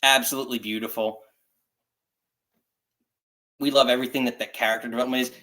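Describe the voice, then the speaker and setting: A man with a bright, forceful voice co-hosts a casual chat show. He talks with eager enthusiasm, rambling and restarting his sentences as he goes. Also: medium pitch, little pitch movement, fast. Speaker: podcast co-host.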